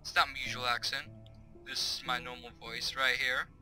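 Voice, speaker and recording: A man's voice: medium pitch, flat delivery, normal speed, sharp tone, faint music behind, poor audio. A young man giving casual, chatty let's-play commentary from his bedroom, reading on-screen tips aloud. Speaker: gaming YouTuber. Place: home bedroom.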